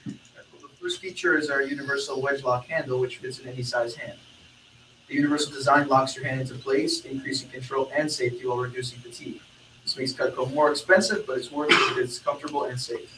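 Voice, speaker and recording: A man in a training class reads a sales script aloud, quick and fairly high-pitched, stumbling now and then. He is heard from across an echoey room with a light hiss in the background. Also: steady tone, pushed and bright. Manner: reads steadily, with small hesitations. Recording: echoey room, mic far off.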